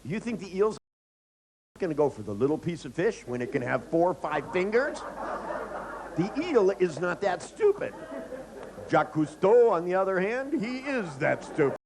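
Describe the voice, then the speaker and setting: A man's voice: high voice, very animated, moderate pace, noisy background. A man performing a profane, ranting stand-up comedy monologue.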